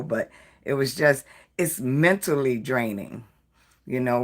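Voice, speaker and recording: Tired woman host, unhurried chatty live-stream talk, rambling and friendly to viewers. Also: a bass voice, fairly bright tone. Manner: rambling, chatty storytelling, greets viewers by name. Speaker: live-stream host of a jewelry design channel. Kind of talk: casual live-stream chat.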